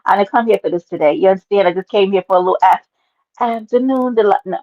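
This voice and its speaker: Animated New woman streamer. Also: medium pitch, quick pace, lo-fi sound. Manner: loud, animated, talks to chat by name, swears. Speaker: livestream host. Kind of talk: casual livestream chat reading comments.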